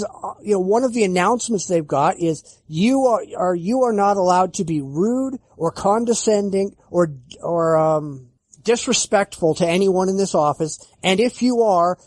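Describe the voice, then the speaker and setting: A man's voice: high-pitched, no room sound. A man hosting a podcast, ranting in a profane, indignant and sarcastic way. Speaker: podcast host. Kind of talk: angry ranting podcast chat.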